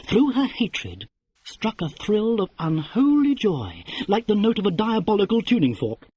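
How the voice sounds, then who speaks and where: A man narrating a classic mystery novel as an audiobook, with wry, expressive storytelling. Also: high voice, unhurried, slightly rough, highs cut off.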